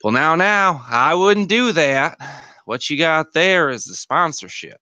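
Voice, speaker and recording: A man's voice: fairly high pitch, big pitch swings, measured pace, sharp tone, clean tone, dry recording, voice pushed up, exaggerated voice. A man voicing a smug male show sponsor who taunts the players from a screen.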